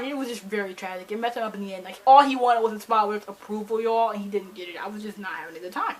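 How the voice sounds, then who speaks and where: A young woman from Michigan, a book vlogger, casually rambling through a book review with animated, dramatic plot retelling and lots of fillers, recorded on a camera mic. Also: on the high side, quick pace, hardly any pauses. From Michigan, USA.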